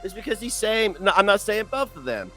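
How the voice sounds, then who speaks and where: A man's voice: sits high, very animated, a little fast, bright, forceful tone, soft background music. A man ranting on a livestream in a profane, mocking, sarcastic way. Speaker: streamer.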